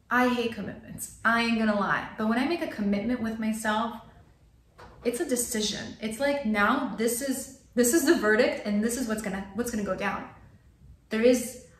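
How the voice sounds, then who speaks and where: A woman with a somewhat high voice talks straight to camera in an earnest motivational pep talk. She repeats key phrases for emphasis. The room around her is echoey. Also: a little hiss or hum. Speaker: lifestyle vlogger.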